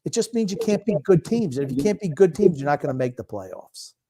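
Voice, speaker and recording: An older man co-hosts a casual sports podcast in a grumpy, teasing way. His voice sits a bit high for a man. He talks loosely and jabs at his partner. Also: sing-song, fairly quick, background noise. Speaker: podcast co-host. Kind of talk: casual chat, sports talk.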